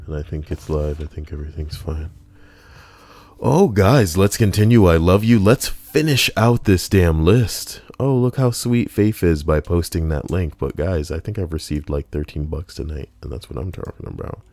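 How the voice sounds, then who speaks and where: Man, deep voice, dry close sound, casual story reading, wry joking asides, home stream. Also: normal speed, darkish tone, no room sound. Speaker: streamer reading online stories.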